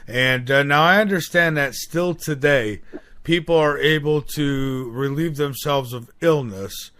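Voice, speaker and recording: A man hosting an interview, asking measured questions. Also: on the high side, sharp tone, clear, resonant tone. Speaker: interview host.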